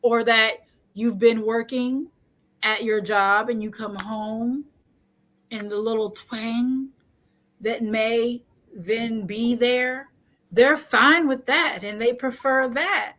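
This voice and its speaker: Young woman host, somewhat high voice, blunt and jokey casual talk. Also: slow pace. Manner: frank, animated and joking, laughs often. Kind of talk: casual chat.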